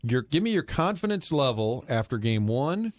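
A man's voice: medium pitch, very animated, moderate pace. A man hosting a sports radio show, joking with his co-hosts and plugging sponsors in a breezy way. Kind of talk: sports radio banter and live reads.

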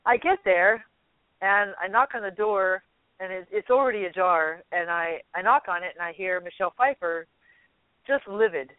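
A woman guest telling a story in a lively way, laughing often and acting out what people said. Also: medium pitch, normal speed, no echo. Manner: animated, laughs often, acts out quotes. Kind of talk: casual storytelling. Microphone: telephone. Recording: tinny dry phone line.

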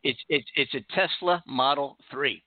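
A man's voice: mid-range voice, moderate pace, no room sound. A man from the United States hosting a casual radio talk show, earnest and rambling with many restarts. The sound is tinny and dry, like a phone line.

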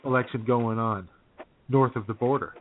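Man, comedy radio co-host, playful banter, mid-pitched voice, phone-like thin sound. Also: moderate pace, a little hiss or hum. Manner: playful, teasing, laughs easily.

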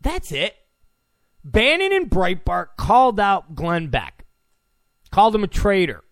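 Man, political commentary host, combative rant, repeats himself, slow deliberate pace, very lively pitch. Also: dry recording, clean studio sound. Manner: combative, repeats phrases for emphasis. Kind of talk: ranting political monologue.

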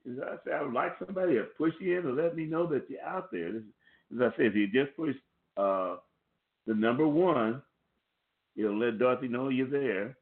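Preaching by phone to people on a conference call, this pastor speaks at a normal speed in a mid-range voice. The line sounds tinny, and his sermon is an earnest, repetitive warning with frequent restarted phrases.

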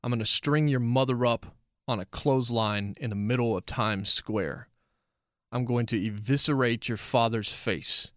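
Man voicing a menacing villain, low and hushed, slow measured threats, dry sound. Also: no echo, natural voice. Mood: coldly menacing. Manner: slow, measured, quiet delivery. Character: cold, menacing adult male villain making threats.

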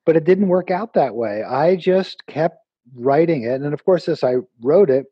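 A man's voice: fairly high pitch, normal speed, slightly rough, no room sound, highs cut off. A man being interviewed as an author, telling a story with animation and acting out the lines of the people in it. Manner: animated, acts out quoted dialogue. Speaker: author and guest.

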